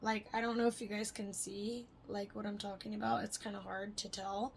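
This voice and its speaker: A woman's voice: medium pitch, flat delivery, moderate pace, a little hiss or hum. A young adult woman vlogging casually, rambling with lots of fillers and frequent swearing. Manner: chatty, swears freely, rambling with many fillers. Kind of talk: casual personal vlog.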